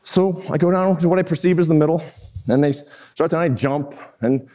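A man in his fifties giving a storytelling talk to business leaders, animated and self-mocking as he acts out scenes. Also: fairly high pitch, fairly quick. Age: 50s. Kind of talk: keynote-style storytelling talk.

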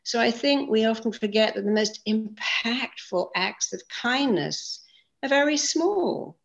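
A woman guest in conversational storytelling, lively and acting out the voices of people she quotes. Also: a little high, measured pace, gravelly. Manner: lively, acts out quoted speech. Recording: dull lo-fi sound.

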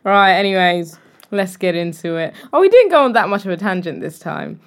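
A woman's voice: medium pitch, animated, brisk. Young woman, podcast co-host, gossipy, playful banter, casual chat.

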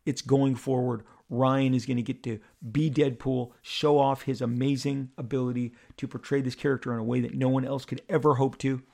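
A middle-aged man hosting a podcast, telling a personal story in an animated, halting way with many repeated words. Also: medium pitch, creaky. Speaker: podcast host.

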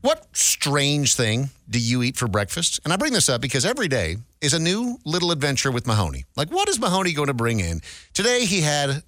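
A man's voice: fairly high pitch, wildly swooping pitch, a little fast, fairly bright tone, no echo. A man hosting a morning radio show, running a quiz in an upbeat game-show manner from a studio mic.

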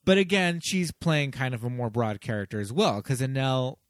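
A man hosting a podcast, chatting casually about a movie in an animated way and often hedging his points. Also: medium pitch, moderate pace, no room sound, clean studio sound.

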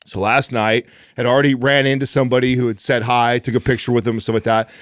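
A man co-hosting a podcast, telling a lively, profane anecdote in casual chat. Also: mid-range voice, fast talker, no echo, clean studio sound. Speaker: podcast co-host.

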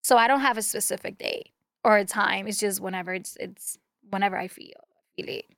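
A woman with a Dominican accent, chatting as a guest author, animated and laughing often. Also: medium pitch, brisk, gravelly, no room sound, clean studio sound. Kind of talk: casual conversation.

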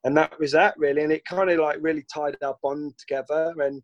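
A British guest from the UK tells long, rambling anecdotes in a casual chat, often voicing what people said to him. His voice is a little high, with fairly even intonation and a fairly quick pace, and the recording is dry and lo-fi.

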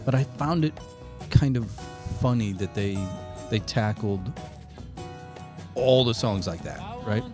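A man hosting a podcast, chatting casually and telling an animated, swear-laced story. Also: fairly low pitch, slow pace, over music. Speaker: podcast host. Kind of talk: casual chat and anecdote.

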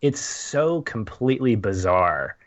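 A man's voice: fairly low pitch, sing-song, takes it slowly. A man chatting casually about a film, thinking aloud and acting out little quoted asides.

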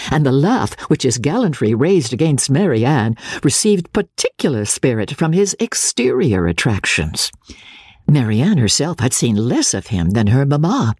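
Expressive woman narrator, husky voice, dry close sound, very lively pitch. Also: dry recording. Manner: expressive, measured storytelling. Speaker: audiobook narrator. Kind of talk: scripted narration of a classic novel.

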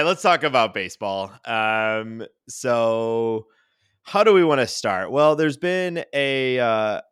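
A man's voice: fairly low pitch, a bit bright, smooth, dry recording. A man in his thirties co-hosting a casual podcast, joking about himself in a dry, self-mocking way. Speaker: podcast co-host. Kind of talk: casual chat.

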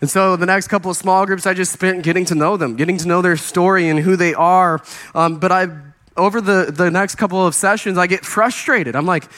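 A young man preaching in an animated storytelling style, his voice high-pitched and bright. He acts out the people in his story and laughs along as he goes. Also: fairly quick. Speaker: youth pastor and guest preacher. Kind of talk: storytelling sermon.

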